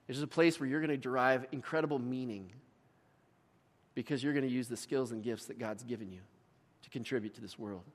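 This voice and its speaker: A middle-aged man preaching a sermon as pastor, telling stories with voiced asides. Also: mid-range voice. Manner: storytelling with voiced asides and laughs. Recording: long reverb of a large hall.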